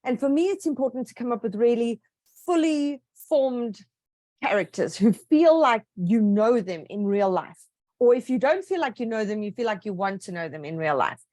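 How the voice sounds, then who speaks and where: Animated, fairly high-voiced woman author. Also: normal speed, no room sound, clean studio sound. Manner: lively, enthusiastic storytelling with asides. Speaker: author being interviewed. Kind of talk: casual interview answers.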